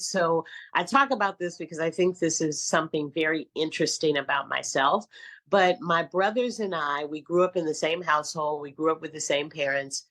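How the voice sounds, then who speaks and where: A middle-aged woman with a somewhat low voice tells stories as an interview guest. She is animated and slips into other people's voices as she recounts scenes. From San Francisco, California. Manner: animated storyteller, acts out quotes. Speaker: guest, casting director and acting coach. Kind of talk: casual interview storytelling.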